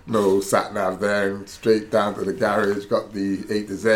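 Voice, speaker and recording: A man's voice: deep voice, level tone, normal speed. A man, a former footballer, telling rambling stories in casual chat, laughing and correcting himself as he goes. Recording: roomy echo with faint background noise.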